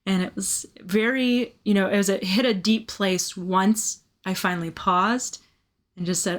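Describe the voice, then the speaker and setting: A woman co-hosting a faith podcast, telling a personal story with animated, self-mocking humor and frequent laughter. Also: medium pitch, unhurried. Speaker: podcast co-host. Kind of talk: candid faith conversation.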